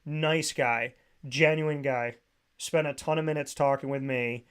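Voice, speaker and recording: A man hosting a radio talk show, telling stories in a casual, animated way and mimicking other voices. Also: medium pitch, unhurried, smooth. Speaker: radio host.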